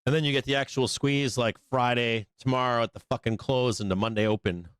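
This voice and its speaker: The voice is mid-range, smooth, and fairly bright, holding a steady tone at a slightly fast clip, with no echo. He's a man running a live trading stream, rambling and swearing through casual commentary stuffed with fillers and mocking quotes of other traders.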